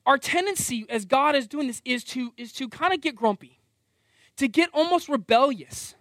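A man's voice: very high-pitched, moderate pace, no room sound, clean studio sound. A middle-aged man preaching a sermon, conversational and self-deprecating, often acting out voices. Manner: animated, acts out quoted voices.

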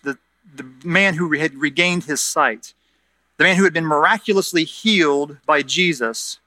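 Bright-voiced preaching man. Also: a little high, no echo. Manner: earnest, repeats words while explaining. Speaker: pastor. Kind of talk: sermon with scripture reading.

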